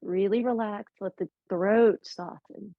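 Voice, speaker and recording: A woman's voice: medium pitch, steady tone, takes it slowly, dry recording. A woman guides a yoga class, cueing breath and poses with upbeat, playful asides. She talks while holding poses herself, and her voice sits in a middle range. The recording is dry and slightly muffled. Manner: upbeat and playful, with light jokes. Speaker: yoga instructor.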